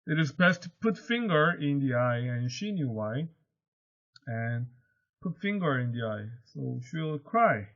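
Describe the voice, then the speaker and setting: Teacher explaining a play line by line. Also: male voice, sing-song, a little slow, fairly bright tone. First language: Korean. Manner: paraphrases quotes in simple words, lifts his pitch when reading lines aloud. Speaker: high school English teacher. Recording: dull lo-fi recording.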